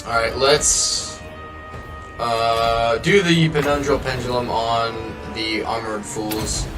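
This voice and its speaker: A man's voice: mid-range voice, steady tone, takes it slowly, reverberant, recorded from a distance. A man live-streaming a game, chatting casually and rambling, swearing freely as he plays. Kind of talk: casual live gameplay chat. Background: game music.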